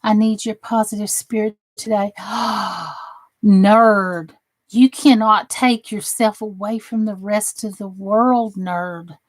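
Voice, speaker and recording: Southern woman, slow, teasing and dry. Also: sits high, darkish tone, no room sound. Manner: teasing, sarcastic, then earnest and encouraging. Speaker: crafting channel host. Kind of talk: casual chat with viewers while crafting.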